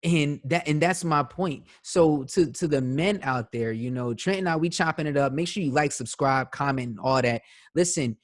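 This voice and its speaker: A man's voice: fairly high pitch, moderate pace, hardly any pauses. Man hosting a casual podcast chat. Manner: conversational, leans on "you know what I'm saying". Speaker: podcast host.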